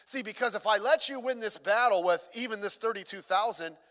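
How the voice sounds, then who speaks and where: A man's voice: sits high, a little fast, sharp tone, long reverb tail. A middle-aged man, a pastor, preaching a sermon in a conversational way with joking asides.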